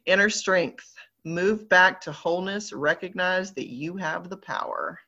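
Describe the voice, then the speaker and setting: A woman's voice: fairly low pitch, measured pace, sharp tone. A woman with a Southern American accent, chatting upbeat and playful as she leads a live online group and reads oracle cards aloud. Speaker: spiritual group leader. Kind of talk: live online card reading. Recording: slightly dull lo-fi audio.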